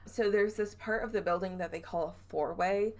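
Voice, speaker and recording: A woman's voice: mid-range voice, normal speed, a little mellow. A young woman from the southern United States, hosting a podcast and retelling a ghost story in casual chat, giggling and correcting herself as she goes. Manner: chatty, giggly, trails off and self-corrects. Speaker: podcast host.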